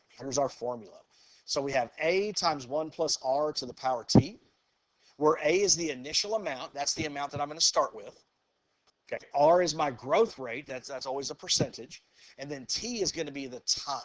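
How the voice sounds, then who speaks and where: A man's voice: on the high side, no echo. A man's voice sitting a little above the usual range leads a math lesson in a classroom. He walks the students through each step in an easygoing way, filling the gaps with "okay" and "go ahead." He often stops to put a question to the class. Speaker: math teacher. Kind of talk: classroom lecture.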